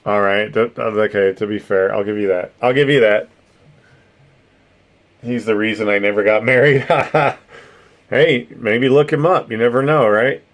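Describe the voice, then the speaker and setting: A man's voice: on the low side, steady tone, unhurried. A middle-aged man hosting a live stream, chatting casually with viewers, rambling, swearing and laughing often. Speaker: streamer host reading chat.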